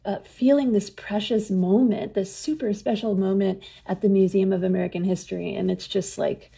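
Enthusiastic woman with a gravelly voice. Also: mid-range voice, steady tone, moderate pace, mellow. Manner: enthusiastic, laughs often while telling stories. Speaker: museum program leader and guest. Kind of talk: conversational interview storytelling.

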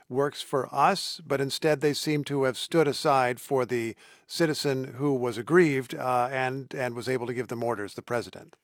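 A male radio news host with a medium-pitched voice leads the interview. He asks pointed questions and restates the answers plainly. His voice is recorded dry and close. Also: no echo. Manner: crisp, probing questions and clarifications.

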